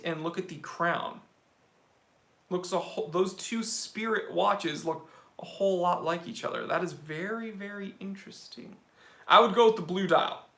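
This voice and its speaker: A man hosting a casual live stream about watches, opinionated and animated, answering viewer questions. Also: high-pitched, reverberant.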